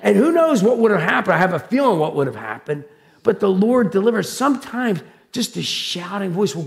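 A male pastor with a high, gravelly voice delivers his sermon. He talks loudly and with animated drama, throwing himself into his stories. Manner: loud, animated, dramatic storytelling. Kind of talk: sermon with personal storytelling.

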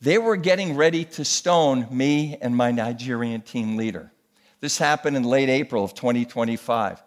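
A pastor in his sixties preaching a sermon, telling stories in an animated way and rising into exhortation. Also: mid-range voice, moderate pace.

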